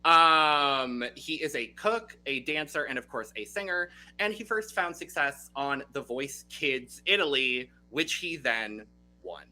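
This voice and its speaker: A man's voice: a little high, expressive, measured pace, sharp tone, soft background music, low-quality recording. A man hosting a podcast in a casual, playful chat with many fillers. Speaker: podcast host.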